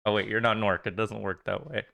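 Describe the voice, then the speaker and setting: A man's voice: fairly low pitch, flat delivery, fast talker, vocal fry, sharp tone, no echo. A man running an online tabletop game as game master, describing creatures in loose, filler-heavy talk.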